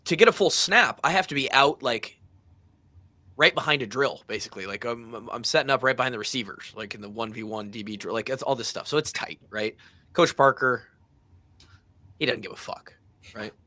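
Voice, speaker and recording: Man, thirties, podcast host, casual storytelling, animated, does voices, bright voice. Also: medium pitch, a little fast. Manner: animated, acts out voices in his stories.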